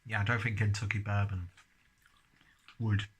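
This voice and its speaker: A man with a husky, low-pitched voice reviews beer and food in a relaxed, chatty way. His tone is forceful and bright, and he often keeps talking between bites. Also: normal speed. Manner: chatty, talks while chewing. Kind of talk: casual tasting review.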